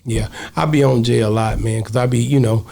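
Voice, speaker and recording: Gravelly man hosting an interview. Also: mid-range voice, steady tone, brisk, mellow, a little hiss or hum. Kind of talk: casual interview.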